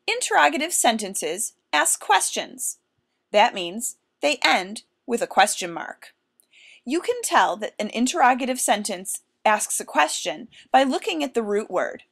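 Female teacher, bright animated delivery, clear and deliberate, lesson voice-over. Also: fairly high pitch. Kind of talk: recorded classroom lesson.

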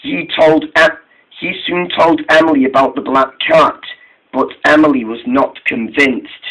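A man's voice: on the high side, fairly even intonation, fairly bright tone, low-quality recording. A man narrating a homemade engine story, stumbling and restarting his phrases often. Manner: halting, many false starts and restarts.

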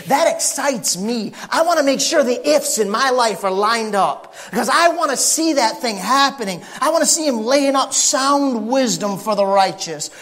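A man in his thirties preaching a sermon as pastor of a church, animated and joking with the congregation, dropping to quiet asides and rising to shouts. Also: high voice. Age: 30s. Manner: jokes with the congregation. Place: church sanctuary.

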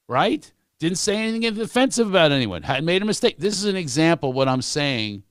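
A middle-aged man, a comedian guest on a podcast, telling comic stories in an animated way and acting out the people he quotes. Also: brisk, hardly any pauses, clean tone, dry recording, studio quality. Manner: animated storyteller, acts out quoted voices, big pitch swings. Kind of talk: storytelling in a podcast chat.

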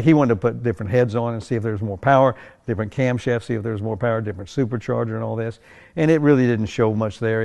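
Gravelly older man telling shop stories. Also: mid-range voice, a little mellow. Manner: folksy, conversational, rambling with restarts. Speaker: drag racing team owner. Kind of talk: animated anecdote telling.

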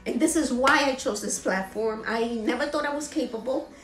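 Woman, motivational speaker, earnest and preachy, somewhat high voice, echoey room, faint music behind. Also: moderate pace. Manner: earnest, preachy, repeats phrases for emphasis. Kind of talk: emotional motivational talk.

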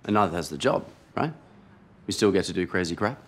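A laid-back teasing doctor. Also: male voice, deep voice, animated, fairly quick. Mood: offhand.

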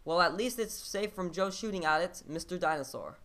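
A man's voice: high-pitched, animated, fairly quick, pushed and bright, pitched above the performer's own voice. A man voicing a British fellow player reading out a sheepish note, with an exaggerated attempted British accent. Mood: sheepish apology.

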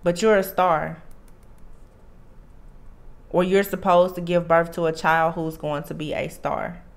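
A woman's voice: lowish voice, level tone, a little slow. A woman giving a tarot reading to her viewers, talking earnestly and with emphasis, often restarting her sentences. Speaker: tarot reader.

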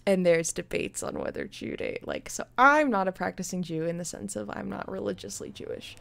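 Her medium-pitched, creaky voice moves briskly as she plays a video game on stream. The young US gaming streamer chats casually and ramblingly in let's-play style, with frequent laughter.

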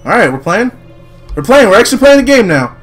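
Young male let's-play co-host, slightly high voice, rowdy and jokey, swears freely, faint game music underneath. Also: big pitch swings, quick pace. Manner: loud, joking, swearing, reads game lines in goofy voices. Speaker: gamer co-host. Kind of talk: casual let's-play banter.

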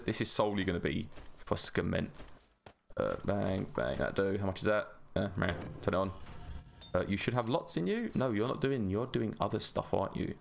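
Gravelly low-voiced London streamer. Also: male voice, slight background noise. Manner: chatty, reads chat aloud and greets viewers by name. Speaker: game streamer. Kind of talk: casual live-stream chat while playing. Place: home gaming room.

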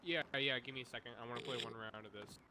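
A man chatting playfully and excitably with other players while gaming. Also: mid-range voice, fast. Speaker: streamer. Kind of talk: casual gaming chat. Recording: loud background music.

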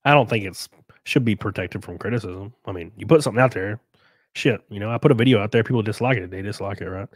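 A man's voice: on the low side, quick pace, no echo. Sick casual male streamer, dry close mic. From United States. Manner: loose and rambling, swears casually, trails off and restarts. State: sick, congested. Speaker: livestream host. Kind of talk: casual livestream chat reading viewer comments.

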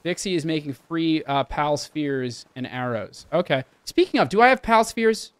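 A man's voice: fairly high pitch, lively intonation, normal speed, smooth, no echo. A young man chatting casually and swearing while he streams a game and talks to his chat. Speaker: livestreamer. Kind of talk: casual live game commentary.

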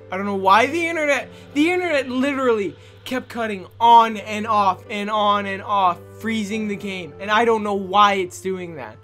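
A hoarse young man commentating on a video game, shouting, cursing and ranting in frustration. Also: high-pitched, unhurried, soft background music. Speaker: let's play gamer. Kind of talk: angry gameplay commentary.

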